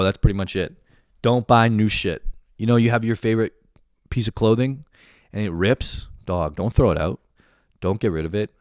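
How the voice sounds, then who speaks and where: Profane rambling young man, lowish voice. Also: dry recording, studio quality. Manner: profane, rambling, self-deprecating. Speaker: vlogger. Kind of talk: casual rant.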